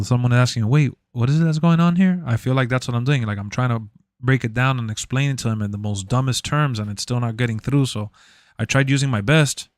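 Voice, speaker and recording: Young man streamer rambling on, smooth clear voice, dry close sound. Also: medium pitch, no echo. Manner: rambling, repeats himself, laughs a lot. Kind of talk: casual chat.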